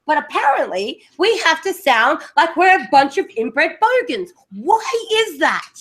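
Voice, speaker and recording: A woman's voice: sits high, moderate pace. An Australian woman hosting a podcast, chatting casually and ranting with playful indignation. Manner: animated, mock-indignant ranting. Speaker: podcast host. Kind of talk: casual chat.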